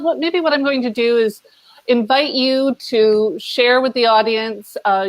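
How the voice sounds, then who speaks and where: A woman hosting a monthly interview, introducing her guest with measured enthusiasm over a video call. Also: mid-range voice, no echo. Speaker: host.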